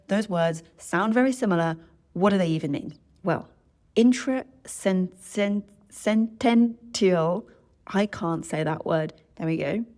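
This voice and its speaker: Chatty woman language coach, lowish voice. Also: a little mellow. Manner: chatty, self-correcting, tags sentences with "right?". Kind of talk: solo educational podcast talk.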